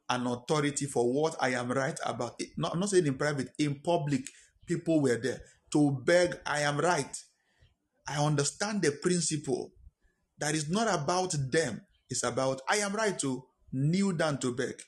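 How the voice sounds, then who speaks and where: A man preaching a sermon as pastor, emphatic, repeating key lines and firing rhetorical questions at the congregation. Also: fairly high pitch. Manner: fires rhetorical questions at listeners.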